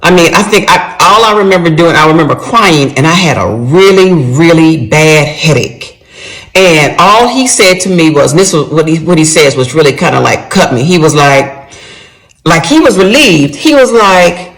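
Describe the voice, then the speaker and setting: A middle-aged woman recounts a personal story in a casual, animated storytime monologue. Her voice carries a gravelly, fry-heavy texture. She keeps turning to address her listeners directly. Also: deep voice, moderate pace, poor audio. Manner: animated, talks straight to viewers.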